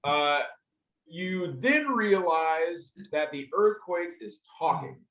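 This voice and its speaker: A man narrating as game master for a tabletop game, halting with many fillers. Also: high voice, lively intonation, fairly bright tone, dull audio. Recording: roomy echo.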